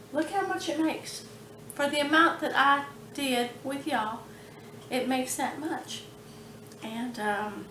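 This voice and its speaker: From her kitchen at home, a woman with a high voice hosts a laid-back cooking vlog, chatty, warm and slow, often breaking into laughter. The sound is roomy, with slight background noise.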